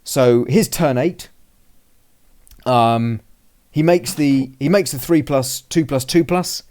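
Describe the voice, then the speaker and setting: A man's voice: mid-range voice, slow, a little mellow. Man rambling through a game recap. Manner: rambling, restarts, acts out his own and his opponent's lines. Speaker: podcast host recounting a game. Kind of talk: casual chat, play-by-play recap.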